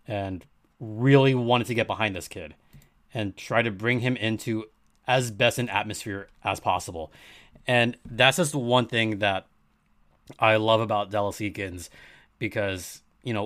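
A man's voice: on the low side, fairly bright tone. A man hosting a sports podcast, talking earnestly and with emphasis, repeating his key points. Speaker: podcast host.

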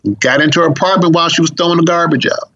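A man's voice: rapid-fire, a crowd in the background. A middle-aged man, a police officer, telling a long story in an interview and acting out the voices of the people in it. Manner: acts out dialogue with big pitch jumps. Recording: dull lo-fi recording.

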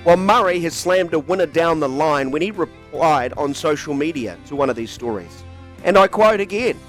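A man's voice: a little high, lively intonation, normal speed, faint music behind. A man delivering a sarcastic, scripted sports opinion piece full of mocking rhetorical questions. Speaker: sports commentator.

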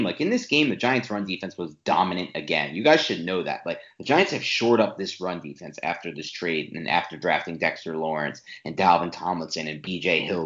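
Opinionated man in an echoey room. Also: low voice. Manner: animated, opinionated, rapid-fire argument. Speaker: podcast co-host. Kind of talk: sports podcast analysis. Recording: echoey room, dull lo-fi sound.

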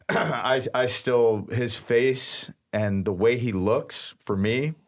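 A man's voice: mid-range voice, extremely slow. A man co-hosting a podcast, speaking earnestly and hesitantly in a casual chat. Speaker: podcast co-host.

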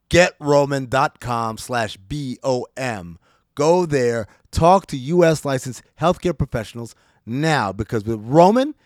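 A man's voice: on the high side, dry recording, studio quality. A man reading an ad on his podcast in a playful, teasing, sing-song way. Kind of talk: host-read ad.

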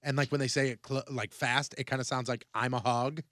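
Man, radio co-host, bright tone, middle pitch, rambling chatty talk, dry close mic. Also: flat delivery, quick pace, no echo. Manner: rambling, chatty, mimics people he talks about. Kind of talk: casual chat.

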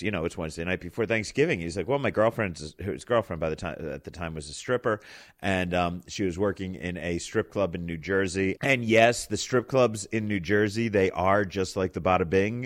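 A man hosting, telling a casual story and acting out the quoted voices. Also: on the low side. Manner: animated, acts out quoted voices. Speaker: host.

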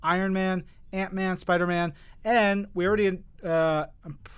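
A man's voice: sits high, fairly even intonation, moderate pace, smooth. A man co-hosting a podcast, casually reading a sponsor spot with many fillers and restarts. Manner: rambling, filler-heavy. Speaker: podcast co-host. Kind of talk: casual ad read.

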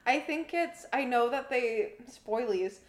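A woman's voice: on the high side, expressive, takes it slowly, echoey room. A woman co-hosting a casual movie review podcast, chatty and easygoing, with lots of "like" in her speech. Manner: chatty, laughs easily, says "like" often. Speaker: podcast co-host.

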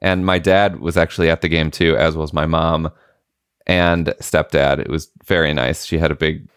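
A man's voice: a bass voice, flat delivery, normal speed, smooth, no echo, studio quality. A man in his late thirties, co-hosting a podcast, who tells stories in casual chat and acts out the people he quotes. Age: late 30s. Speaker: podcast co-host.

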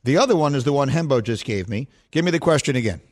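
A man's voice: mid-range voice, animated, fast talker, darkish tone. A man hosting a sports talk radio show, teasing and incredulous in casual banter.

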